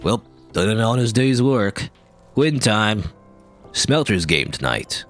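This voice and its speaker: Guy reading as a tired old janitor, low and slow, calm and cryptic, faint game music under it. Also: full character voice.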